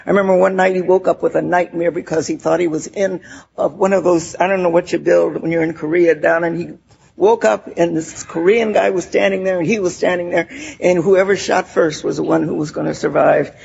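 Older woman, gravelly voice, recovery meeting share, warm laughing storytelling, muffled lo-fi recording. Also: fairly low pitch, steady tone, brisk. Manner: laughing, heartfelt storytelling with many "you know" asides.

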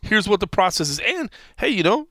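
A man hosting a casual podcast, animated and chatty, often repeating words as he thinks aloud. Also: sits high, fairly quick, dry recording. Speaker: podcast host. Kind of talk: casual chat.

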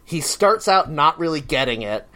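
A man co-hosting a podcast, chatting casually and telling stories with animated laughter. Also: fairly high pitch, moderate pace. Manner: animated storytelling with laughs and swearing. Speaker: podcast co-host. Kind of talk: casual chat.

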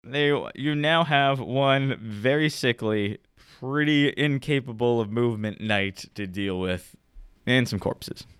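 A man's voice: mid-range voice, takes it slowly, a bit bright, clear, resonant tone, no room sound, clean studio sound. A man narrating a tabletop game as game master in a playful way, often laughing through his descriptions.

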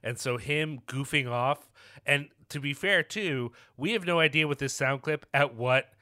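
A man's voice: medium pitch, unhurried, sharp tone, dry recording, studio quality. A man co-hosting a movie podcast, rambling with restarts and laughter. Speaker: podcast co-host. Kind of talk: casual movie discussion.

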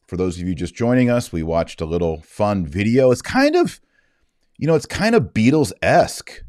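A man's voice: lowish voice, big pitch swings, moderate pace, a little mellow, no room sound, studio quality. A man from Texas, hosting a casual show and commenting on video clips in a chatty, joking way. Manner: chatty, joking, with fillers and asides. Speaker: host.

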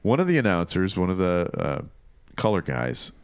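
Casting note: man with a very low, lively voice, curious podcast co-host, dry close sound. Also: moderate pace, clean tone, no echo. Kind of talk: casual chat.

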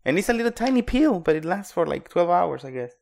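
A young man co-hosting a podcast, drowsy from medication, talking haltingly with lots of restarts. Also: high-pitched, big pitch swings, creaky, darkish tone. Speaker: co-host. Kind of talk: casual chat.

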